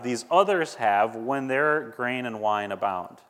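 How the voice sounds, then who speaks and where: A man's voice: medium pitch, lively intonation, a little slow, few pauses, fairly bright tone. A man preaching a sermon, earnest and conversational, growing fervent as he reads scripture aloud. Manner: earnest, rising to fervent when reading scripture. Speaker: pastor. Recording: long hall reverb.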